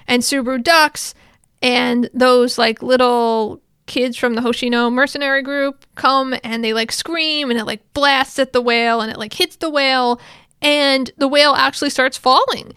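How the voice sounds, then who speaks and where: A woman's voice: sits high, steady tone, moderate pace, a bit bright, clear, resonant tone, dry recording, studio quality. A woman casually recapping an episode, retelling scenes in a loose, chatty way with side remarks.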